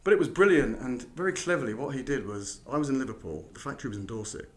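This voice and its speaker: A man's voice: medium pitch, animated, fast talker. A middle-aged man from London, with a slight Midlands tinge to his accent, chatting as a podcast guest and telling his story with plenty of restarts. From England. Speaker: podcast guest, recruitment founder. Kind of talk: casual interview chat.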